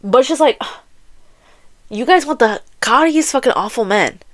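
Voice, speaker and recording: A woman's voice: a little high, expressive, unhurried, a bit bright. A young woman hosting a solo podcast, venting in a heated, profane, repetitive way and breaking into laughs. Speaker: podcast host.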